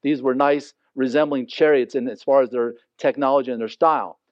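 A man's voice: mid-range voice, steady tone, fairly quick, no room sound, highs cut off. A man preaching a sermon, reading Bible verses aloud and explaining them in a conversational way. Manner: reads scripture aloud then explains it conversationally. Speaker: pastor.

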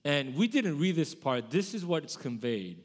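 A male pastor delivers a sermon in a relaxed, conversational style, often stopping to correct himself. His voice sits a little high. The sound carries a long reverb, like a large church sanctuary. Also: normal speed. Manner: conversational preaching with self-corrections.

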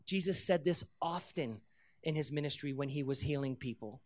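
A preacher giving a sermon who tells a story with lively energy, acts out the characters' lines and then shifts into earnest, direct teaching on faith. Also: mid-range voice, moderate pace.

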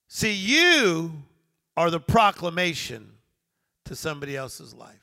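Middle-aged male preacher, bright forceful tone, builds to emphatic peaks. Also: on the high side, big pitch swings, slow. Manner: preaching with rising emphatic swells. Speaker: pastor. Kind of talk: sermon.

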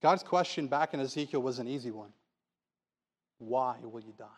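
A man's voice: mid-range voice, moderate pace. A man preaching a sermon in a church, pleading with the congregation through earnest rhetorical questions.

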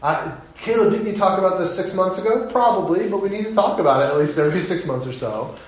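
A middle-aged man preaches in an earnest, conversational way, leaning in to encourage his congregation. His voice sits a little high for a man. The church sanctuary adds a heavy echo. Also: fast. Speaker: pastor. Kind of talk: sermon. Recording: very echoey sanctuary.

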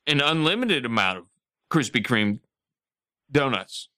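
A man's voice: mid-range voice, big pitch swings, measured pace, pushed and bright, clean tone, dry recording, studio quality. A man hosting a prank phone call, pushy and rambling, coaxing the other side again and again. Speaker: host making a prank call.

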